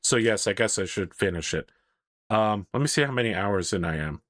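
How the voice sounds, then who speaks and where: Animated, swearing podcast host, dry sound. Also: male voice, lowish voice, brisk, no room sound. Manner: animated, laughs often, swears freely. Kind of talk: casual chat.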